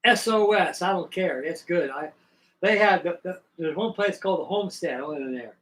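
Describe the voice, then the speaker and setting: An older man with Southern roots hosts a livestream, telling long, folksy stories from his past in a rambling, drawn-out, casual way. His voice is high-pitched with lively intonation and a fairly bright tone, and the audio is poor.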